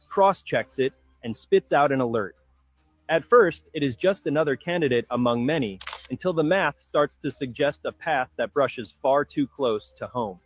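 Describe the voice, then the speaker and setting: A man reads scripted science narration in a measured, polished way. The voice-over is close and completely dry. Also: a little high, dry recording. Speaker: documentary narrator.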